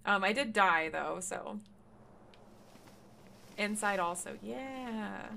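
Bright, lively woman streamer swearing. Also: mid-range voice, takes it slowly, creaky, a little hiss or hum. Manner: swearing, laughing and shrieking in surprise. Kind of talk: casual gameplay commentary.

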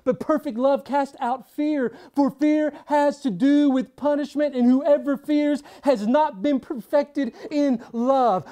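A woman preaching a sermon, stressing points by repeating them and swinging between hushed and forceful delivery. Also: high-pitched. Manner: emphatic, repeats key phrases for stress.

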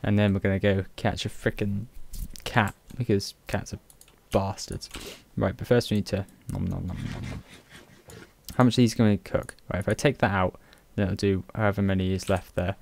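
A man's voice: fairly low pitch, fairly even intonation, a little fast, gravelly, few pauses, darkish tone, slight background noise. A young man hosting his own game video, chatty, self-mocking and sweary as he narrates what he does. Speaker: gaming video host. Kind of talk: casual game commentary.

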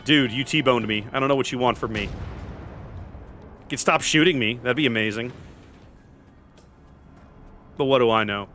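A man's voice: mid-range voice, fairly quick, pushed and bright, faint music behind. A man casually commentating his own naval battle game, joking and sarcastic with theatrical asides. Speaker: gameplay commentator.

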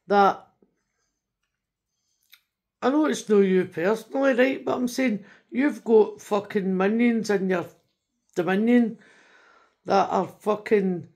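A woman's voice: a little high, a little mellow. A Scottish woman from Scotland delivering a heated, rambling, sweary rant in a video message, constantly tagging her sentences with "right?". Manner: frequent tag question "right?".

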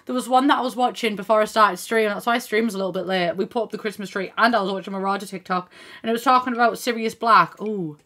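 A woman's voice: medium pitch, quick pace, sharp tone. A young woman chatting casually on a live game stream, thinking aloud, swearing now and then and thanking viewers by name. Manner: swears casually and laughs often. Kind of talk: casual gaming stream chat.

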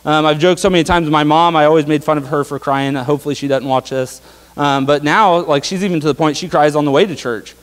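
A man's voice: a little high, fairly even intonation, fast talker. Chatty young man preaching in a reverberant hall. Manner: conversational, tag questions, many fillers. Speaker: pastor. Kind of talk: casual sermon. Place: church sanctuary.

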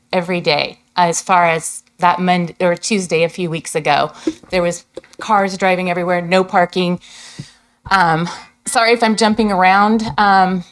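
A middle-aged woman, a business owner, giving an earnest, somewhat rambling public comment at a city council meeting. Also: on the low side. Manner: earnest, rambling, hesitant with ums. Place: council chamber.

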